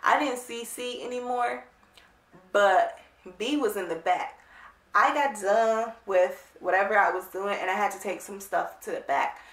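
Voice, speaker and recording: A woman vlogger telling a casual storytime, animated, blunt and emphatic. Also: mid-range voice, unhurried. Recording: roomy, distant mic.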